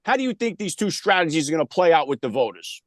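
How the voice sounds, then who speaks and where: A male talk show host with a notably high voice, speaking bluntly and emphatically. He uses sarcasm throughout. The recording is dry and close-miked. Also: big pitch swings, fast talker, no echo. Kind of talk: opinionated talk show monologue.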